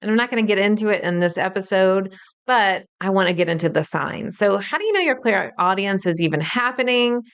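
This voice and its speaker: A woman's voice: mid-range voice, animated, brisk, fairly bright tone, clear, resonant tone. A woman in her thirties hosting a solo podcast, explaining things in an upbeat way. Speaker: podcast host.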